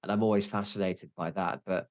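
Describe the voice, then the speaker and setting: A man's voice: deep voice, fairly even intonation, a little fast. A man in his forties, a podcast guest, talking candidly and mocking himself, with many restarts. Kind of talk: casual interview chat.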